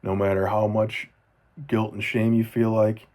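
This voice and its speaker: A man in his forties speaking earnestly to his children in a personal video journal, repeating phrases for emphasis and often dropping to a soft voice. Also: little pitch movement, a little slow. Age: 40s. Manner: earnest, heartfelt, often drops to a soft low voice.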